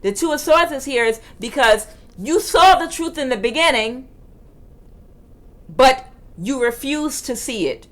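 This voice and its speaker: A woman reading tarot cards in a forceful, emphatic way that can sound like yelling, repeating her phrases for emphasis. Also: high voice, expressive, unhurried. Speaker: tarot reader.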